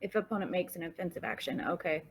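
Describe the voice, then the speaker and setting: A woman's voice: fairly low pitch, fast, slight background noise. A woman playing in an online tabletop game, talking hesitantly with many ums over a headset. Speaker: player. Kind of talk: casual game chat. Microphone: headset on a voice call.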